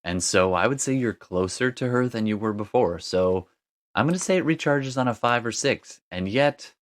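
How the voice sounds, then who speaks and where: A man's voice: medium pitch, expressive, normal speed. A man narrating a tabletop game as game master, describing scenes at length with frequent fillers and restarts.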